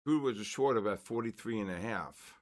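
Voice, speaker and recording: An older man hosting a live trading stream, excitedly calling out price moves and giving quick trade advice. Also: lowish voice. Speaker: trading livestream host. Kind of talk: live market commentary.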